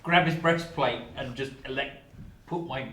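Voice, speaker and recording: A man playing a tabletop game who curses the dice in loud, sweary outbursts. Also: mid-range voice, a little slow, distant mic, a little hiss or hum. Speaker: player. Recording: echoey room, off mic.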